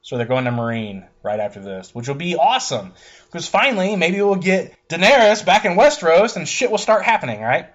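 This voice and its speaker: A man casually recapping a TV episode as a podcast co-host, swearing freely and quickly paraphrasing the characters. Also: on the high side, muffled recording. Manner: profane, animated, paraphrases characters in quick asides.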